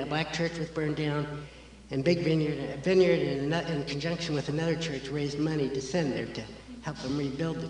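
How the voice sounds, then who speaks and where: A man sharing his personal testimony before his baptism, speaking earnestly and haltingly with many restarts. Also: on the high side. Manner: halting, self-correcting, earnest. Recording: echoey church hall with faint noise.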